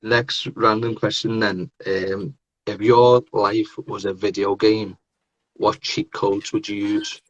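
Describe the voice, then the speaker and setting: A man's voice: lowish voice, flat delivery, takes it slowly, lo-fi sound. A man in his thirties hosting a casual podcast interview, chatty and laughing often. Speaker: podcast host.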